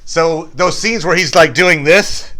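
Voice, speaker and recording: A man's voice: on the high side, unhurried, sharp tone. A man co-hosting a podcast, chatting casually and enthusiastically about a favorite film. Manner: enthusiastic, quotes movie lines in playful voices. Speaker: podcast co-host. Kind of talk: casual chat.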